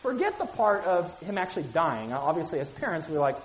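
Lively woman teaching scripture in echoey room. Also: lowish voice, brisk, a little hiss or hum. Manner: reads scripture aloud with acted voices, then explains casually; asks listeners questions and repeats key phrases. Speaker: Bible teacher. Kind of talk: conversational Bible teaching.

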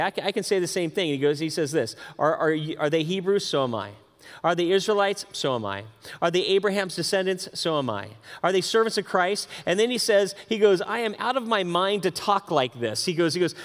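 Guy preaching a sermon, kinda high voice, lively, stumbles and repeats words, long echo in a hall. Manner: animated, repeats words, asides to the congregation. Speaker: pastor.

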